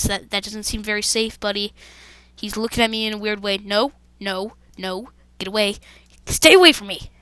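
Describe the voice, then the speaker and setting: A woman's voice: mid-range voice, sharp tone, no echo. A woman hosting a let's-play gaming video, commenting to her viewers with jumpy, dramatic exclamations. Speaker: gaming channel host.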